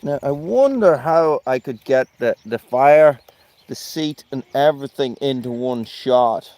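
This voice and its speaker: A man hosting a casual live stream outdoors by a campfire, rambling to viewers and talking to his dog. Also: a little slow. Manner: rambling, talks to his dog in a high excited voice. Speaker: channel host.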